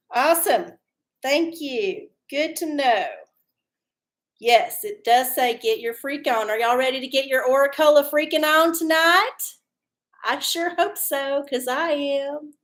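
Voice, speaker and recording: Chatty high-voiced woman streamer. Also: a little slow, fairly bright tone. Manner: chatty, folksy, swears freely and laughs often. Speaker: livestream host doing oracle readings. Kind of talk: casual live-stream chat.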